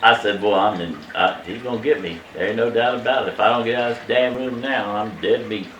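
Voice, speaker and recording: A man in his eighties telling a family story from his childhood in a casual, animated way, emphatic and salty, chuckling as he goes. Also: fairly low pitch, fairly quick, slight background noise. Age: 80s. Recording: echoey room, mic at a distance.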